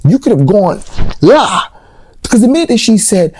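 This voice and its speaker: A man's voice: normal speed, long pauses, breathy edge, dry recording. Male vlogger, comedic movie reviewer, dry close sound, rambling asides. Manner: animated, joking, big pitch jumps for punchlines.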